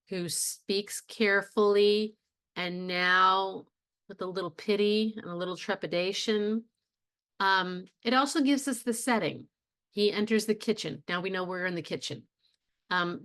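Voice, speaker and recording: A woman's voice: mid-range voice, a bit bright. A woman professor giving a recorded video lecture on reading plays. She talks conversationally, with fillers and rhetorical questions. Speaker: college theatre professor.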